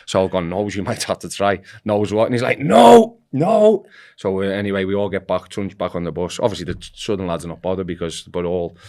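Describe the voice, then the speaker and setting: Speaking quickly in a low register with few breaks, a man appears as a football podcast guest. His casual, meandering anecdote circles back on itself while he animatedly does the voices of its characters.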